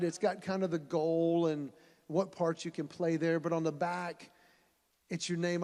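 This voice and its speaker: A man giving a storytelling speech to an audience, animated and acting out voices as he goes. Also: fairly high pitch. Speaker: speaker at a fundraising event. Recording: long hall reverb.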